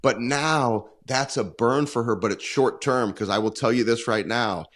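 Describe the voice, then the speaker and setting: An earnest man in his forties talks as a guest on a podcast. His voice sits at a middle pitch. He tells coaching stories and often acts out the lines he quotes. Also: normal speed, a bit bright. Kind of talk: podcast interview talk.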